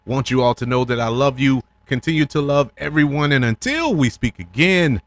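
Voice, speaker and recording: A man's voice: mid-range voice, expressive, moderate pace, fairly bright tone. A middle-aged man hosting a podcast, giving an enthusiastic casual film review, repeating himself for emphasis and laughing often.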